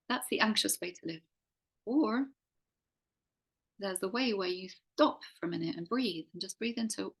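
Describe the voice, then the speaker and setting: A woman's voice: medium pitch, a little fast, creaky, fairly bright tone, breathy edge, rough recording. A woman teaching a faith class to a group, earnest and asking many rhetorical questions. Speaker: teacher and coach.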